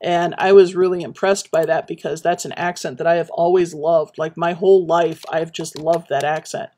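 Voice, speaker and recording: A woman chatting casually while building in a game, rambling and reminiscing with many pauses and fillers. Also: lowish voice, fairly even intonation, dark tone. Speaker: Minecraft streamer.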